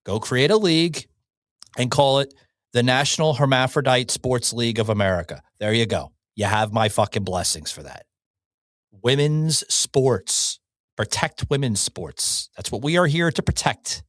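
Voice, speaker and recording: A man's voice: mid-range voice, lively intonation, moderate pace, fairly bright tone, no echo, clean studio sound. A man hosting an opinion podcast, ranting heatedly with lots of swearing and slogans repeated over and over. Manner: profane, fired-up and repetitive; hammers on short slogans. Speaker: podcast host.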